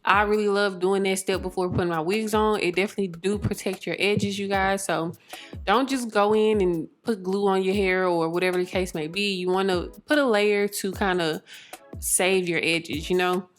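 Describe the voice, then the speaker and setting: A woman's voice: mid-range voice, fairly even intonation, moderate pace, faint music behind. A young woman chatting casually as she narrates her own hair tutorial, laughing often and rambling with fillers. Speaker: beauty vlogger.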